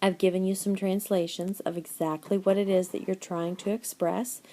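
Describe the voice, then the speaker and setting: Gravelly, mellow-voiced Spanish teacher woman. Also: medium pitch, little pitch movement. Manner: encouraging, switches between English and Spanish phrases; reads answer lists slowly and deliberately. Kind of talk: recorded slideshow lecture.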